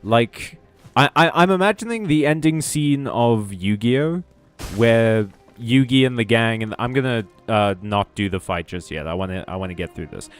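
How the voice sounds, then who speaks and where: Soft music plays behind this VTuber as he rambles through his gaming stream, making fun of himself and cursing freely. His mid-range voice is clear and resonant, with lively intonation, and he talks at a normal speed.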